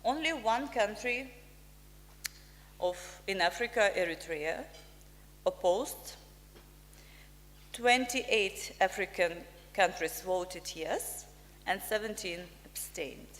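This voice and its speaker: A woman delivers a formal address as an ambassador, placing each phrase slowly and with weight. Her mid-range voice carries a long reverb, as if it rings through a large hall. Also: medium pitch, lively intonation. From Ukraine. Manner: slow, deliberate, emphatic phrasing. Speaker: ambassador, guest speaker. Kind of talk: formal prepared speech. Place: press club function room.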